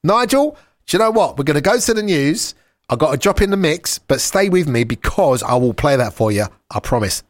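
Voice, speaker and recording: A man's voice: on the high side, lively intonation, a little fast, no room sound. A man hosting a radio show, chatting casually and reading out listener messages in an upbeat way. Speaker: radio host. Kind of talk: casual radio shout-outs. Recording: music playing underneath.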